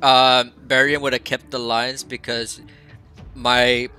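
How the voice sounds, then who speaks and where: Slow-talking bright-voiced male player. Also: medium pitch, level tone, faint music behind. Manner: slow, questioning, laughs easily. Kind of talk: casual chat in a tabletop game.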